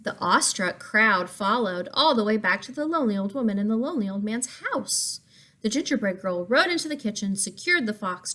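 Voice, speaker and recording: A woman reading a picture book aloud to children, pausing to ask questions and explain words. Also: mid-range voice. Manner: expressive, asks listeners questions, explains words. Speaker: story reader for children.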